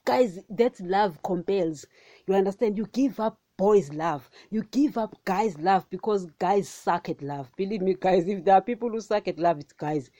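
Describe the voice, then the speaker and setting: A woman giving a casual, animated sermon on a podcast, often calling her listeners guys and repeating phrases for emphasis. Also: mid-range voice, normal speed, no room sound. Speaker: podcast preacher.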